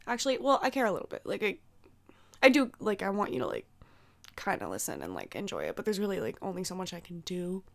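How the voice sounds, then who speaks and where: A woman's voice: fairly low pitch, huge pitch swings, quick pace, gravelly, a bit bright. A young woman chats alone on her own podcast while sick, her voice a bit throaty. She rambles casually, swears freely and fills her sentences with "like". She laughs easily at her own tangents. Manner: laughs and squeals at herself. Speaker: podcast host. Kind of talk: casual solo podcast chat.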